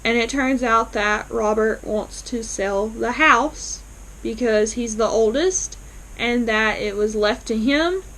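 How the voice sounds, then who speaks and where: A woman's voice: fairly high pitch, slow, fairly bright tone, low-quality recording. A woman vlogger casually recapping a TV episode, retelling scenes in a chatty way with fillers.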